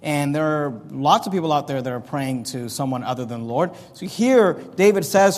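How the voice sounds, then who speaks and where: A male pastor delivers a sermon in an earnest, plain-spoken teaching manner, often restarting his phrases. His voice sits slightly higher than most men's. The sound carries the long reverb of a large hall. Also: lively intonation, normal speed, a little mellow.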